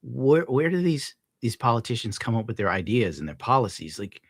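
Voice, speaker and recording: A man ranting casually on his stream at home, swearing, laughing often and scolding his dog loudly between points. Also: mid-range voice, very animated, a little fast, breathy edge, no echo, clean studio sound. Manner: profane, rambling, laughs often. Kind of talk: casual rant on a live stream.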